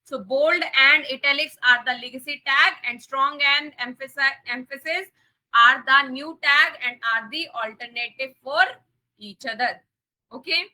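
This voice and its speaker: The audio is poor as a coding instructor, a woman with an Indian English accent, leads a live lesson in a high-pitched, pushed, bright voice. She reinforces key points through repetition and asks whether students understand.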